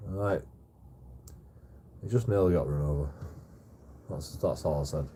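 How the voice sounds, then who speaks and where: Man, deep voice, mellow dark tone, rambling sweary livestream chat. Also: steady tone, measured pace, pauses often, a little hiss or hum. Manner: swears heavily, repeats and restarts himself. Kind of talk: rambling casual storytelling.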